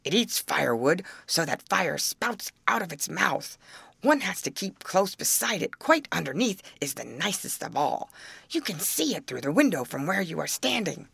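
A woman voicing a hoarse old male yard dog who grumbles on like a wise old-timer in a storybook, with a low, barking voice. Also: sing-song, moderate pace, a bit bright, no echo, full character voice. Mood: gruff.

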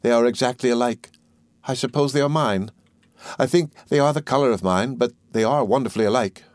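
A man doing a meek, gentle young mother. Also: mid-range voice, expressive, moderate pace, no echo, studio quality, close to an everyday voice. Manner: soft, hesitant, placating.

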